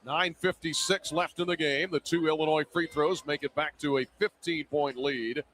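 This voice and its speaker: A man announcing a basketball game play-by-play, quick and rising to excitement on big plays. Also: a little high, a little hiss or hum. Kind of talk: radio-style basketball play-by-play. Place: arena broadcast position.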